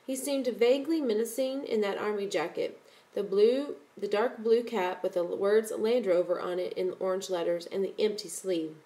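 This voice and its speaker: A woman narrating a story in a steady, measured audiobook reading. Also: mid-range voice, rough recording.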